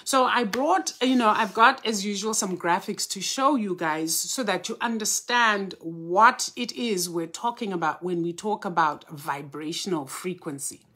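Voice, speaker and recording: Woman, spiritual teacher on a live stream, bright voice and slow delivery, greets her viewers by name. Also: mid-range voice, breathy edge. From Southern Africa.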